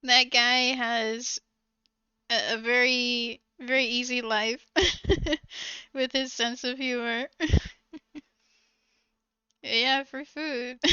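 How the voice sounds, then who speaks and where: A woman's voice: a little high, steady tone, extremely slow, long pauses, bright, forceful tone, smooth, dry recording, lo-fi sound. A woman art streamer chatting casually during a live painting stream, telling a rambling story with frequent giggles.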